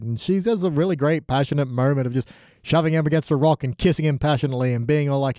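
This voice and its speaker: A man's voice: on the high side, fast, mellow, no echo, clean studio sound. A man co-hosting a podcast in casual chat, joking around and slipping into silly voices. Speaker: podcast co-host.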